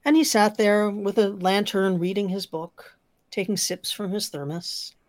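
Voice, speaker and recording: A woman's voice: mid-range voice, a little slow, dry recording. A woman storyteller telling spooky stories on a podcast, building suspense and dropping to whispers. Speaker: storyteller guest.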